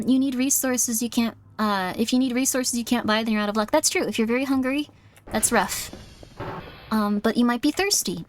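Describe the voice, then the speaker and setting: A woman streaming a game, talking in a chatty, playful way, easily startled and soft when guiding a breathing exercise. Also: a little high. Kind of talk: casual game commentary.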